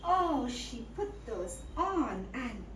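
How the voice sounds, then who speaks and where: A woman's voice: fairly high pitch, very animated, slow, far from the mic. A woman telling a story to a live audience in a playful way that draws them in. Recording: echoey room, voice from afar, noise.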